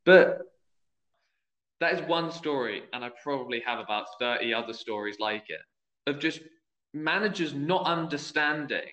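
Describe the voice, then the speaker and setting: A man's voice: mid-range voice, lively intonation, normal speed, bright, forceful tone. A young man, a youth football referee, telling a story in casual podcast chat and acting out the quoted voices. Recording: echoey room, dull lo-fi sound.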